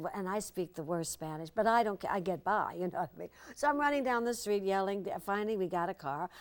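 An older actress as an interview guest, telling lively anecdotes and slipping into impressions. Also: female voice, fairly low pitch, quick pace, hardly any pauses. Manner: lively storyteller, slips into impressions.

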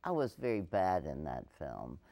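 An older woman with a deep voice, reminiscing haltingly in an interview with frequent restarts and laughter. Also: very animated, dark tone.

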